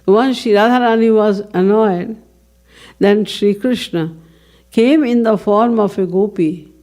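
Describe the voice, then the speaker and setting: A woman giving a devotional lecture at a measured pace, telling stories and asking questions she then answers herself. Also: mid-range voice, mellow. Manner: measured storytelling, poses and answers own questions. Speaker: spiritual lecturer.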